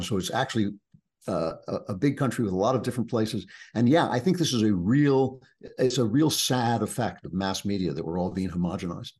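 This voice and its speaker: A man's voice: fairly low pitch, animated, a little fast, a little mellow, slightly rough. A middle-aged man from Long Island, an author talking reflectively about his books and telling anecdotes, with frequent restarts. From United States, Long Island. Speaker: author guest. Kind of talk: conversational book talk.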